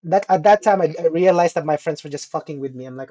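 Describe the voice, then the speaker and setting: Male podcast co-host, lively storyteller who swears a lot and acts out his quotes. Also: fairly high pitch, quick pace. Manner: animated, profane, mimics people in quotes. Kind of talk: casual storytelling chat.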